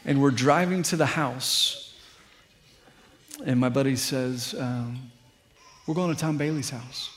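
A man's voice: mid-range voice, takes it slowly, long pauses, background noise. A middle-aged man preaching a sermon as pastor, earnest and building to fervent appeals.

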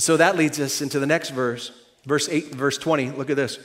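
A young adult male pastor delivering a sermon in a high voice. He talks in a conversational, joking way, then drops to soft, hushed reassurance before rising again into loud, emphatic stretches. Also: brisk.

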